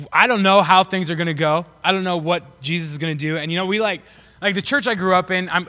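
A man's voice: fairly high pitch, bright, forceful tone. Young guy pastor joking around mid-sermon, rambly, lots of um and like, long hall echo. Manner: rambling and jokey with many fillers.

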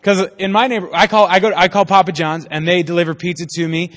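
A young man with a bright, high voice gives a laid-back, joking sermon, tossing questions out to the crowd. His words ring out with a long hall reverb around them. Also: flat delivery, fast talker. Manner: chatty, jokey, quizzes the audience. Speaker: preacher. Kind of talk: casual joking sermon to a youth group.

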